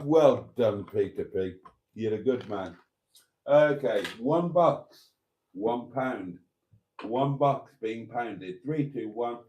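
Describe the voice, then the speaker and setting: A man's voice: mid-range voice, darkish tone, a little hiss or hum. A middle-aged man hosting a late-night livestream, cheeky and chatty with frequent laughs, tired. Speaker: livestream host. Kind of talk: casual chat reading comments.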